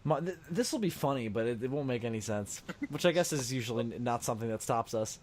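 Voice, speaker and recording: A man's voice: medium pitch, expressive, fast, a little mellow, slight background noise. A man co-hosting a podcast, chatting casually and a bit mumbly during a card game. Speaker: podcast co-host.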